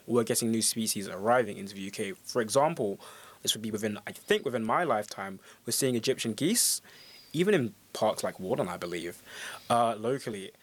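A man co-hosting a casual discussion, explaining points in a steady way. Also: fairly low pitch, a little fast, slightly rough.

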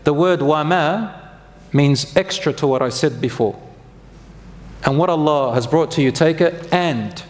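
A man with a fairly high voice delivers a religious lecture in a loose, conversational way. He turns to the audience with questions and catches and corrects his own slips as he talks. His voice carries a long reverb, as if recorded in a large hall. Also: a little slow. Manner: conversational, asks the audience questions, corrects himself mid-sentence. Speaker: Islamic preacher.

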